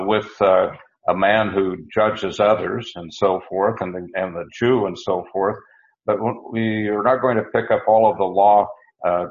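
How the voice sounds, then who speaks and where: Deep-voiced guy teaching bible verses, lots of uhs and restarts, kinda muffled lo-fi sound. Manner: halting, with many restarts and uhs.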